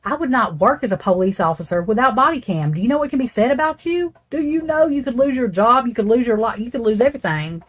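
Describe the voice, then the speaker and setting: A woman's voice: fairly high pitch, animated, fast talker, few pauses. Rambling, profane woman. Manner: rambling, blunt and profane, talks straight to chat. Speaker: true crime channel host. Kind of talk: casual true crime commentary.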